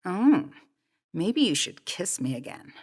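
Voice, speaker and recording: A woman voicing a bold young woman photographer who speaks in hushed, teasing tones. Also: fairly low pitch, big pitch swings, slow, breathy edge, full character voice. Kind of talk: audiobook character voice.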